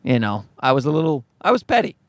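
A man's voice: medium pitch, sing-song, fast talker, no echo. A man telling a story to his viewers as a profane, exasperated rant. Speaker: vlogger. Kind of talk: ranting storytime.

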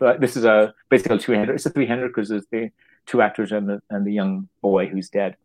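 A man who writes plays, talking casually in an interview, halting and restarting his words and acting out little quotes. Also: fairly low pitch, fairly even intonation, a little mellow, low-quality recording. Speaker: playwright.

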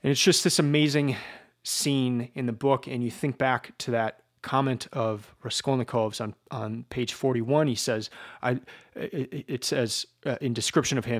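A man giving an informal lecture about a novel, slow and reflective, often repeating his words as he searches for them. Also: medium pitch, fairly even intonation.

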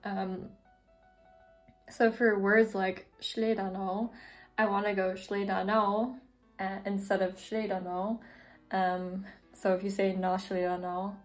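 Slow-talking woman, chatty and full of fillers. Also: medium pitch, darkish tone. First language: English. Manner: chatty, frequent fillers and self-corrections. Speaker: podcast host. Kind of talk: casual vlog-style podcast about language learning.

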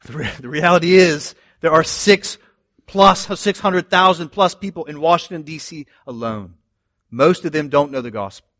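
A man preaching a sermon as pastor, animated, rising and getting louder on scripture quotes, with quick asides to the congregation. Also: a little high. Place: church.

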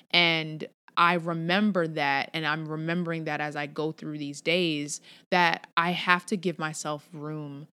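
A woman with a notably low, deep voice gives a relaxed devotional talk. She speaks candidly and conversationally, slipping slang in among scripture verses. She sounds like a young adult speaking to her community. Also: a little slow, few pauses, clear, resonant tone. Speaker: Christian speaker addressing her email list.

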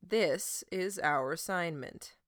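A calm, firm teenage boy, as a woman reading an audiobook voices him, level and matter-of-fact. The voice is low for a woman's and slow, recorded close and dry. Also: no echo.

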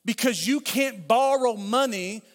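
Middle-aged male pastor, high voice, chatty preaching with repetition, church hall with long reverb. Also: a little slow. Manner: conversational preaching with repeated phrases and asides. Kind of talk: sermon.

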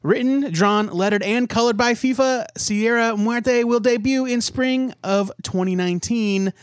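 A man's voice: extremely high pitch, a little slow, smooth, no room sound, studio quality. A man co-hosting a comic book podcast, reading news with a wry, sarcastic edge. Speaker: podcast co-host. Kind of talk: casual podcast banter.

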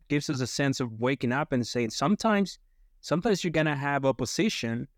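A man's voice: medium pitch, dry recording, clean studio sound. Rambling man in a Bible chat. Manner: rambling, restarts often. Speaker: discussion participant. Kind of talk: casual Bible discussion.

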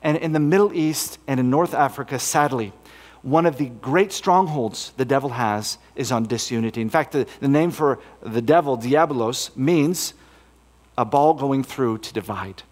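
A man's voice: mid-range voice, normal speed, darkish tone. A man speaking as a missionary at a camp meeting, telling a story in an earnest, folksy way with many fillers and restarts. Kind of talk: storytelling sermon talk. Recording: long hall reverb.

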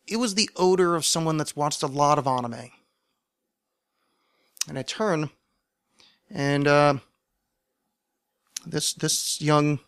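A man's voice: on the high side, slow, pauses often, clean tone, no room sound. Sardonic man telling a comic story, dry sound. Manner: sardonic, self-mocking; swings between mumbled asides and loud animated bursts. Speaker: podcast host. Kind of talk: comedic storytelling monologue.

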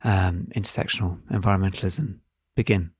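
A man's voice: low voice, steady tone, brisk, breathy edge, dry recording, clean studio sound. A man co-hosting a podcast who teases his co-host and asks the guest earnest questions. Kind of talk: casual podcast chat.

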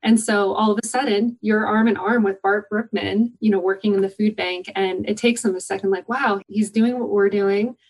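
A woman's voice: mid-range voice, steady tone, brisk, hardly any pauses, a little mellow, poor audio. A woman guest in an interview, talking with enthusiasm about the volunteer program she organizes and telling stories from it. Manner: enthusiastic, upbeat storytelling. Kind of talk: conversational interview answers.

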